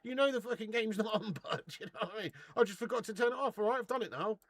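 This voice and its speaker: A man's voice: high voice, rapid-fire, no echo. Sweary, bantering football stream host, man. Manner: sweary, laughing banter with viewers; reads out viewer super chats. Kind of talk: live football watch-along chat.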